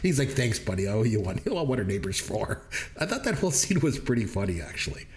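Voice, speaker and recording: A man's voice: medium pitch, sing-song, fast talker, a little mellow. Guy on a movie podcast, laughs a lot telling the scenes, easygoing chat. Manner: laughs often while retelling scenes. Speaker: podcast co-host. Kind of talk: casual movie review chat.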